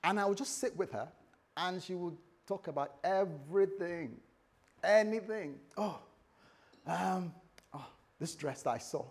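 A man preaching a sermon, telling a story and acting out both sides of a conversation, dropping to a hush and then rising loud. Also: high voice, unhurried, slightly rough. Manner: storytelling, acts out dialogue, swings from hushed to loud. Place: church hall with a congregation. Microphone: recorded for the church website.

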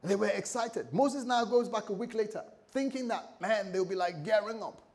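At an ordinary pace and a high pitch, a man preaching as a pastor dramatizes the people in scripture. His voice shifts from one character to the next, and he adds jokes along the way, keeping the sermon lively.

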